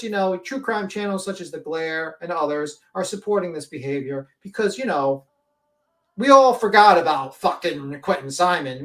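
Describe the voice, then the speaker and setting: A man's voice: high voice, a bit bright. A male livestream host reading a document aloud with blunt, profane, indignant asides.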